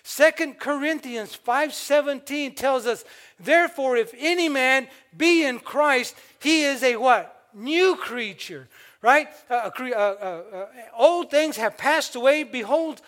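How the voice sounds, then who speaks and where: An older man delivers a sermon in a very high, slow, somewhat bright voice. He exhorts the congregation, calls out for amens, and puts questions to them.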